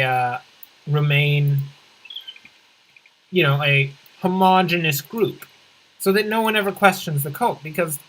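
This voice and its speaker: Let's play host, bright edgy tone, middling pitch; deadpan rambling jokester who backpedals mid-thought. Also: rough recording. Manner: rambling deadpan absurd humor, often correcting themself; swings in pitch and pace for comic emphasis. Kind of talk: casual gameplay commentary.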